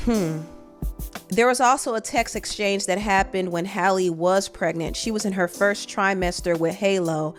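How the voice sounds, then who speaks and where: A woman's voice: medium pitch, normal speed, soft background music. A woman hosting a celebrity gossip show, talking through the story conversationally and reading out text messages. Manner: conversational, reads out texts aloud. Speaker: host.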